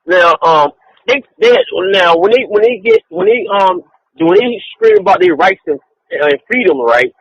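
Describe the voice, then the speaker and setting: On a casual podcast, a male co-host rambles and rants with plenty of profanity, frequently breaking into laughter between remarks. His high-pitched voice swoops wildly in pitch at a normal speed, creaky with a breathy edge. It's captured over an online call as dull lo-fi audio with faint hiss.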